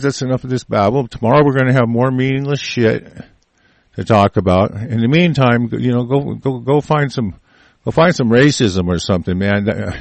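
A man's voice: medium pitch, creaky, no echo. An older man vlogging a heated, rambling political rant, full of swearing and broken-off restarts.

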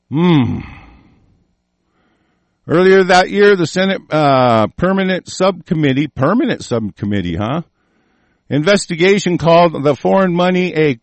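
A man's voice: a little high, no room sound. A man reading news aloud and breaking into furious, profane political rants. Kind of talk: angry ranting commentary.

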